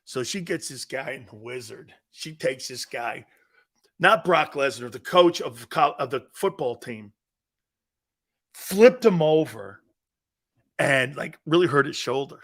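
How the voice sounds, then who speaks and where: Animated middle-aged man telling a story. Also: mid-range voice, a little slow. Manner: excitable, laughs loudly, acts out quotes. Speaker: sports talk show host. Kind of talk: animated storytelling on a sports talk show.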